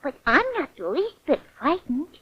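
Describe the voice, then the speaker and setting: A woman's voice: sits high, very animated, normal speed, no echo. A woman voicing a cheerful, cheeky little girl in an old cartoon. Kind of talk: 1930s cartoon voice acting. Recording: dull old cartoon soundtrack with faint hiss.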